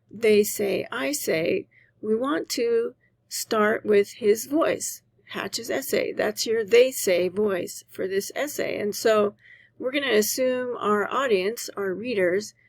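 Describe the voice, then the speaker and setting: A woman's voice: medium pitch, slow, gravelly, no room sound. A woman teacher patiently explaining a writing assignment to her students, often checking in with "right?". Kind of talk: recorded class lecture.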